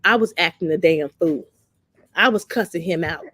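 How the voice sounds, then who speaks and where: Husky and sharp in tone, her fairly low voice moves at a moderate pace with no room sound. She hosts a talk show and tells personal stories in a blunt, salty, animated way, slipping into the voices of those she quotes.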